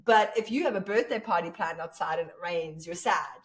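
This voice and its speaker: A woman co-hosting a podcast in casual chat, thoughtful and quick to laugh, working through examples. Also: lowish voice, far from the mic. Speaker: podcast co-host.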